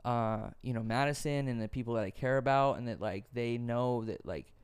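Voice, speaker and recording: A man's voice: medium pitch, moderate pace, clean tone. A young man hosting a casual podcast, telling earnest stories peppered with swearing. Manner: earnest, profane storytelling. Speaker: podcast host.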